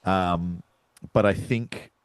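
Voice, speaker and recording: A low-voiced man co-hosting a casual podcast chat. He is animated and acts out quotes with sudden jumps up in pitch. The sound is dry and close, with no room echo. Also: drawn-out words. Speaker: podcast co-host.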